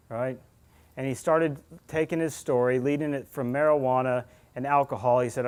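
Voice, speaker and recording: A man's voice: medium pitch, quick pace, fairly bright tone. A man, a state police officer giving a public talk, telling stories in an earnest way and acting out the dialogue. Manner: earnest storyteller, acts out dialogue, speaks to the crowd directly. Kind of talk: public presentation to an audience.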